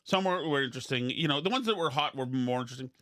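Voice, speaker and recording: A man's voice: mid-range voice, animated, very fast, fairly bright tone. A man hosting a podcast, rambling and self-deprecating in casual comedic chat, full of restarts. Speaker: podcast host.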